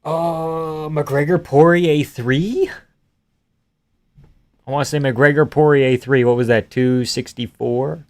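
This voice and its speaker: A man's voice: medium pitch, clear, resonant tone, dry recording. A young man hosting a live stream, casually reading out viewer comments and joking crudely in an offhand way.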